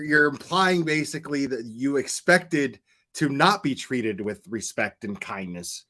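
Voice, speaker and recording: This male commentary streamer has a mid-range, slightly bright voice. His reactions are angry and full of profanity, and once he's fired up he starts tripping over his words.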